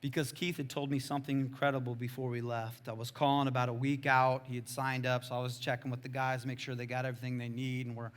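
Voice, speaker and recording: A male pastor telling a story in a sermon, in casual slangy talk that swings between loud exclaims and hushed asides. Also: mid-range voice, level tone, fast, hardly any pauses.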